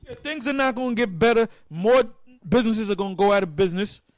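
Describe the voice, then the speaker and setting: Blunt, high-voiced man preaching hard. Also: fast, dry recording. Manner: coarse, blunt, swearing, animated. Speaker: street preacher leading a discussion. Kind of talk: heated street preaching talk.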